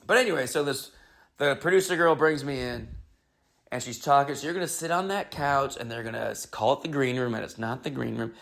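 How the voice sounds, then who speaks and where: A man's voice: mid-range voice, a little fast, creaky, fairly bright tone. Guy rambling through a funny story on his podcast, wry little asides, keeps restarting. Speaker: comedian podcast host. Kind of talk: comedic story monologue.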